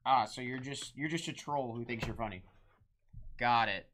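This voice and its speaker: A man hosting a live-streamed trading card break, rattling off pulled cards, shouting out big hits and bantering with chat. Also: medium pitch, a little hiss or hum. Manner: rapid-fire calling of card names, shouting big hits; chatty, teasing banter with chat.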